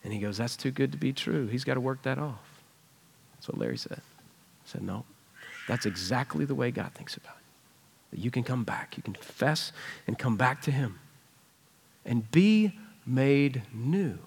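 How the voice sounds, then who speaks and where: A man's voice: medium pitch, animated, normal speed, creaky, pauses often, darkish tone, breathy edge. A man preaching a sermon in a church, conversational and earnest as he retells a personal story. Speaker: pastor. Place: church sanctuary.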